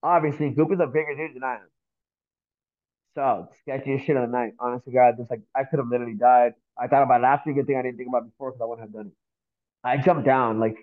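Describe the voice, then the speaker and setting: A man from Miami telling a story in casual talk, animated and swearing often, acting out the voices of the people in it. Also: medium pitch, fairly quick, narrow, tinny audio. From Miami, Florida. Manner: animated, swears a lot, acts out voices in stories. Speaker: guest.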